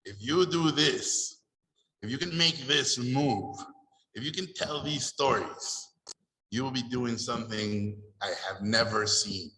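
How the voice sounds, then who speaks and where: A man voicing a stern old Hungarian male art teacher with a thick accent, speaking in slow, heavy, deliberate pronouncements. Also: medium pitch, pushed and bright, a little hiss or hum, poor audio. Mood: approving.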